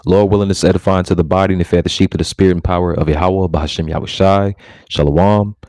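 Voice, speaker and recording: A man preaching from scripture, reading verses slowly and checking in with "all right?" and "okay?" after nearly every line. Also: deep voice, steady tone, a little mellow, no echo, clean studio sound. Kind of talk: street-style scripture teaching.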